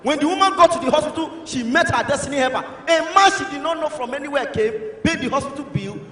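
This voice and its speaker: A man with a Nigerian accent doing stand-up comedy, telling animated stories in Pidgin and English, acting out voices and breaking into shouts. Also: very high voice, fast talker. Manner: animated storytelling, acts out voices, bursts of shouting. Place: comedy stage in a large hall. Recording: echoey hall, live show.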